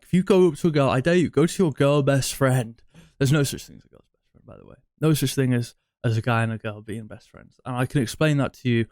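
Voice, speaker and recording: A man's voice: mid-range voice, a little mellow, no room sound, clean studio sound. A young man giving dating advice in a blunt, crude, rambling monologue that circles back on itself.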